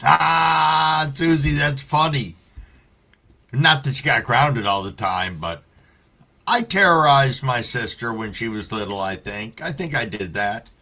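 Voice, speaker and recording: A male live-stream host with a bright, forceful voice at an ordinary middle pitch. He chats in a relaxed way and swears freely while telling stories. He also greets his viewers by name. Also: a little slow, gravelly. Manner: laid-back storytelling, heavy swearing. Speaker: livestream host reading chat. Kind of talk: casual live-stream chat.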